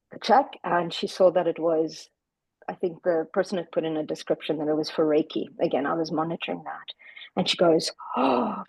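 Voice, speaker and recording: A woman from the United Kingdom chatting on a podcast about spiritual work, animated and reflective, often repeating words as she talks. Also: on the low side, gravelly, breathy edge, no room sound, rough recording. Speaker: podcast guest, spiritual practitioner. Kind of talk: casual podcast conversation.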